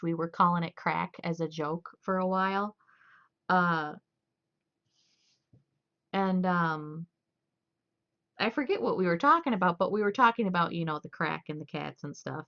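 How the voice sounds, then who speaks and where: A young woman with a lowish voice chats on a live stream and rambles through stories with easy laughs. The audio is dull and lo-fi. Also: lively intonation, a little slow, pauses often, fairly bright tone. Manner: chatty, laughing, loose storytelling. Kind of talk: casual chat.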